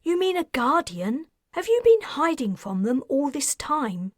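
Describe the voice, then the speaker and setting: Woman voicing an exasperated sharp-tongued doctor. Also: big pitch swings, no echo, clean studio sound. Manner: high, exasperated, rapid retorts.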